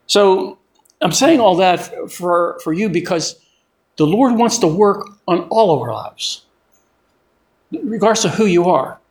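A man's voice: sits high, animated, unhurried, darkish tone. An older man preaching a sermon in a conversational way, often repeating and restarting his words.

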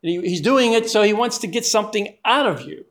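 Older guy giving a sermon, a bit higher voice, chatty, keeps restarting words. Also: expressive, fairly quick, a bit bright. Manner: conversational, often repeats and restarts words. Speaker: preacher.

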